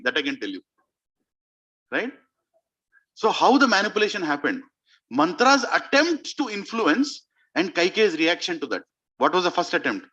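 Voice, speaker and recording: A man preaching, telling a sacred story in an animated way and asking his audience questions. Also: fairly high pitch, highs cut off. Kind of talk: storytelling sermon.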